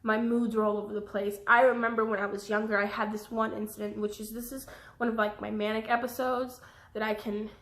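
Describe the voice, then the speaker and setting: A young woman speaks straight to her camera in a personal vlog, rambling from thought to thought and pausing to apologize for her scattered thinking. Her voice sits a little high and sounds bright. The room around her adds a noticeable echo. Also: flat delivery. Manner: rambling, jumps between thoughts, apologetic asides. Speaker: vlogger.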